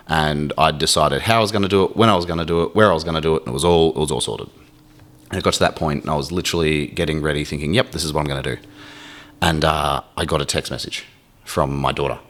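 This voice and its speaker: A man's voice: a bass voice, fairly bright tone. A man speaking candidly as a podcast guest, emotional and swearing freely, acting out his inner voice. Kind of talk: candid conversation.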